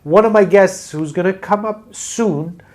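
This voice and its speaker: A man's voice: high voice, unhurried, a little mellow. A man hosting a podcast over a video call, chatting casually in a rambling, joking, self-deprecating way. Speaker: podcast host. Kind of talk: casual chat.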